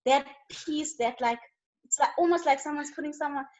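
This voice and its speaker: A woman's voice: high-pitched, normal speed, a little mellow, low-quality recording. A woman guest giving an earnest faith testimony in an interview, preaching with rising bursts of emphasis.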